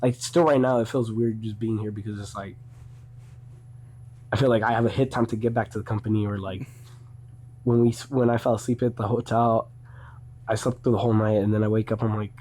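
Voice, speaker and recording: A man's voice: lowish voice, flat delivery, brisk, pauses often, darkish tone, slight background noise. A young man, a podcast guest, telling casual stories in a rambling way, with many restarts and a lot of swearing. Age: young adult. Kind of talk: casual storytelling.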